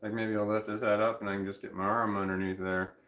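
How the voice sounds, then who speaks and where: A tired, high man rambling casually in a vlog, talking drowsily with a slight slur while lying down at home. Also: little pitch movement, fast talker, a bit bright, roomy sound. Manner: drowsy, rambling, laughs to himself. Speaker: vlogger.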